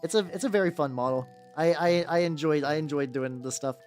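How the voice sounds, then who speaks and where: A man with a higher-register voice streaming as he paints miniatures, chatting casually with viewers and rambling with lots of "like" and restarts. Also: a little fast, darkish tone, faint music behind. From United States. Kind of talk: casual livestream chat.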